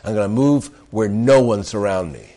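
A man preaching a sermon in an earnest way, stressing phrases with pauses and slipping into casual storytelling. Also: fairly low pitch, mellow. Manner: conversational storytelling with restarts. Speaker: pastor.

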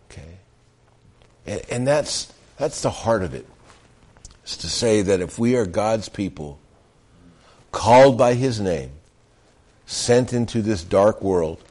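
A man preaching a sermon in an earnest way, stressing phrases with pauses and slipping into casual storytelling. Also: on the low side, a little mellow. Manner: conversational storytelling with restarts. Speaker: pastor.

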